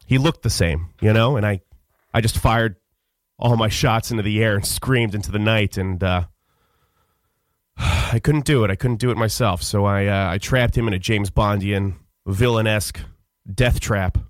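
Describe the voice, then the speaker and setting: A man's voice: fairly low pitch, no room sound. Rambling mock-solemn man, dry studio sound. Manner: rambling, halting, full of "uh"s. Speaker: radio show guest. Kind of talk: mock-solemn comic monologue. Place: radio studio.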